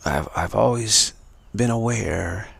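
A man's voice: lowish voice, slow, gravelly, a bit bright, breathy edge. A man giving an earnest spiritual talk on a livestream, emphatic and repeating his key points. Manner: earnest, emphatic, given to repetition. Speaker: spiritual speaker.

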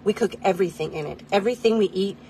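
A woman vlogging a chatty product demo from inside a tiny car, rambling, self-deprecating and easily excited. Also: mid-range voice, fast, a little hiss or hum.

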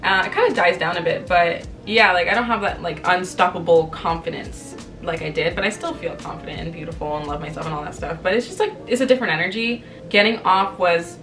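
A woman's voice: on the low side, brisk, hardly any pauses, distant mic, faint music behind. Chatty young woman telling a candid story. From Canada. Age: 20s. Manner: chatty, candid storytelling with lively quoted voices. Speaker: vlogger. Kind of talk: casual chat to camera.

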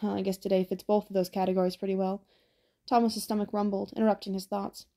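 Gravelly-voiced woman reading an audiobook. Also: mid-range voice, fast. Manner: steady, even storytelling with small slips. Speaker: audiobook narrator. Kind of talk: scripted audiobook narration.

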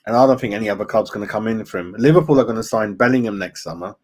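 Speaking very fast in a fairly low voice, a fan channel host chats casually on a live football stream. He reads viewers' comments out loud and addresses them as mate.

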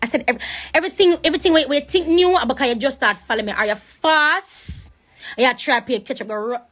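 A young Jamaican-accented woman livestreams a very fast, rambling, preachy sales pitch promoting her network marketing business. The casual pitch is repetitive, and she slips into patois along the way.

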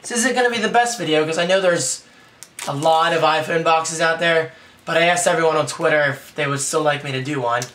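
Hoarse young male vlogger, excited and rambling, a bit high, recorded from a distance with faint noise behind. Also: fairly quick. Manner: excited, rambling, self-deprecating. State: hoarse, raspy from yelling. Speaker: tech vlogger. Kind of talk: casual unboxing vlog.

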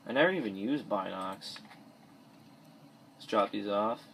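A man's voice: lowish voice, animated, unhurried, gravelly, fairly bright tone, a little hiss or hum. A teenage boy rambling through let's play commentary, restarting his sentences often while he plays. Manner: rambling, many restarts, mumbles asides. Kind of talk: gameplay commentary. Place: bedroom at home. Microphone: cheap mic or device mic.

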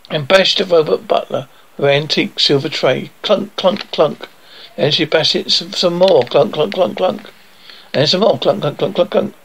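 A man reads a children's story aloud, acting out each knock and crash as a spoken sound effect. His voice sits a little high and has a gravelly rasp. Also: low-quality recording. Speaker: storyteller reading his book.

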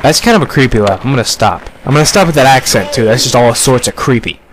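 A young man talking through a game in character, swearing and sarcastic with sudden excited outbursts. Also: medium pitch, quick pace. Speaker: gamer playing a paranoid character. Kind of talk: in-character gameplay commentary. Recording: game gunfire noise behind voice.

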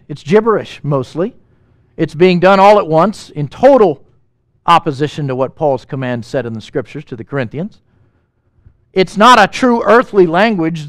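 A man preaching a sermon as pastor, animated and emphatic, asking the congregation questions and making quick asides. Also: fairly high pitch, no echo.

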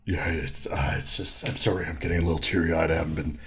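A man's voice: extremely low pitch, steady tone, quick pace, husky, full character voice. A man playing a lonely older landlord in an improv comedy scene, hesitant and sentimental. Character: lonely older male landlord with foot warts.

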